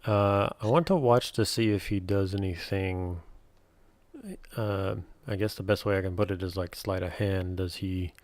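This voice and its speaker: A man's voice: deep voice, fairly even intonation, moderate pace, no echo. A man playing a tabletop game over voice chat, asking wry, probing questions in casual talk. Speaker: player. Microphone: computer mic over online voice chat.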